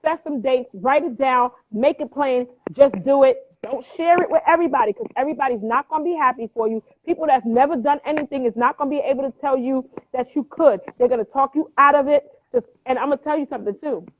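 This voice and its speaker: Jersey lady talking fast and excited about her business, acts out the voices, sounds like a phone call. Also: high voice. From New Jersey. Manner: lively, acts out quoted voices, motivational. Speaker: guest, clothing brand founder. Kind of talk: animated storytelling in an interview. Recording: tinny phone-line sound.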